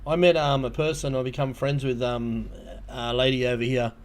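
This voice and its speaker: A man's voice: medium pitch, little pitch movement, normal speed. A man with an Australian accent hosting a casual livestream, telling a rambling story full of ums and restarts. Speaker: livestream host.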